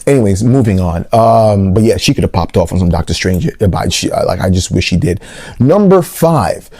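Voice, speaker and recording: A man giving a comedic movie review, animated and rambling, with big jumps in pitch on his jokes. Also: moderate pace, no room sound, studio quality. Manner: rambling with restarts and asides.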